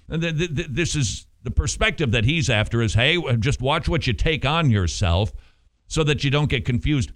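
Animated male preacher. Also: mid-range voice, moderate pace. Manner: animated, with rhetorical questions and playful asides. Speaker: pastor. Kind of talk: sermon.

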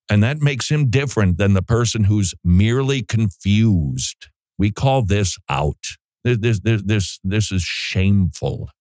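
A man's voice: lowish voice, animated, normal speed, a little mellow, dry recording, clean studio sound. A man giving emphatic, scornful religious commentary, often repeating his words for stress.

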